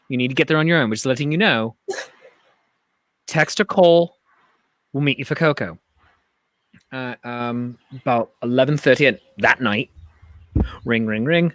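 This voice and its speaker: A man hosting a casual livestream chat, telling stories in an animated way, acting out other people's voices and gasps. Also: medium pitch, unhurried, pauses often, dry recording. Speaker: host.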